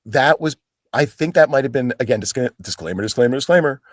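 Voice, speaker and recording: Animated man telling lively stories. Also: medium pitch, quick pace, no room sound, studio quality. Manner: animated, acts out voices of people in his stories. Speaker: actor, guest. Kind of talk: casual anecdotal storytelling.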